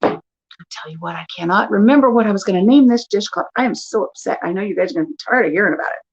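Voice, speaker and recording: An older woman vlogger chatting casually from her living room at home, animated as she tells stories. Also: mid-range voice, quick pace, slightly rough, highs cut off. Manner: animated storyteller who acts out quotes. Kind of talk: casual chat.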